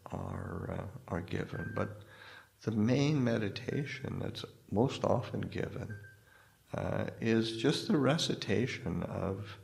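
Man, Buddhist monk, deep voice, slow delivery, hesitant, searching for words, dharma talk. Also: lively intonation, creaky, darkish tone, slight background noise. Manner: halting, searching for words, many restarts. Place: hall in a spiritual society.

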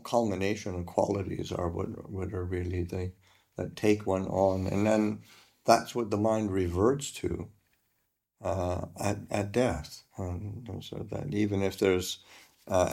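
A man, a Buddhist teacher, explaining a teaching in halting, hesitant conversation. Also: sits low, creaky, a little mellow. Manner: halting, hesitant, many fillers. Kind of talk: conversational dharma talk.

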